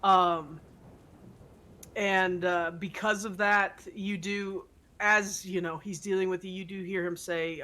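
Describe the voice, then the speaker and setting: Bright-voiced woman running a horror game. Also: on the low side, fairly even intonation. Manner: rambling, halting, full of fillers and restarts. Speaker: game master. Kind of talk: narrating a tabletop horror game.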